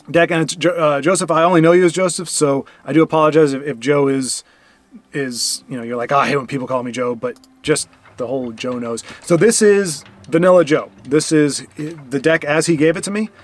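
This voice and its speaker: Over faint game music, a man with a fairly high voice streams a card game at normal speed. He chats loosely and casually through the gameplay, firing mock outrage back at his opponent.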